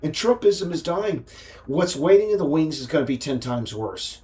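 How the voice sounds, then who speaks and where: A man's voice: a little high, normal speed, a little mellow, a little hiss or hum. An American man, a game developer, rambling and ranting on a casual livestream, with frequent restarts.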